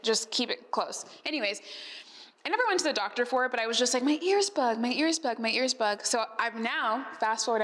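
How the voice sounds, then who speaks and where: A woman's voice: on the high side, a bit bright. A woman hosting a podcast who answers questions at a live gathering, telling stories in a chatty way full of "like" fillers and laughs. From Arizona, USA. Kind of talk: storytelling Q&A talk. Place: event space. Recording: long reverb in a hall.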